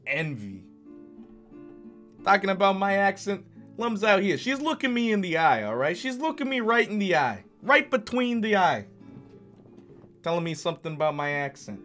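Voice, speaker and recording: A man putting on a Brooklyn accent to play a gruff, easily offended male mobster with an indignant street-tough delivery. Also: sits high, sing-song, normal speed, long pauses, fairly bright tone, faint music behind, voice pushed up.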